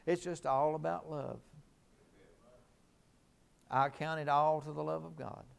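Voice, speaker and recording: A man's voice: fairly high pitch, little pitch movement, unhurried, vocal fry, smooth. A middle-aged man preaching a sermon in a fervent, emphatic way, repeating his key lines.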